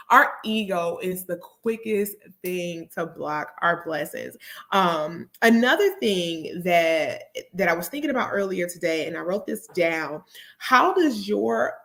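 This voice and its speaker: A woman's voice: on the low side, animated, a little slow, fairly bright tone. A woman hosting a motivational talk show, speaking earnestly and repeating key phrases for emphasis. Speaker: host; therapist and speaker.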